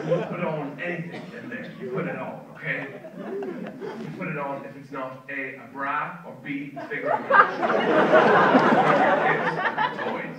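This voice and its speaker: A man's voice: medium pitch, huge pitch swings, slow pace. Older male comic in an echoey live room. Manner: rambling, wry, exaggerated delivery. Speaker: stand-up comedian. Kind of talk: stand-up comedy set. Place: comedy stage before a live audience. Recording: live club recording, roomy, distant mic, loud audience. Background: loud crowd laughter and noise.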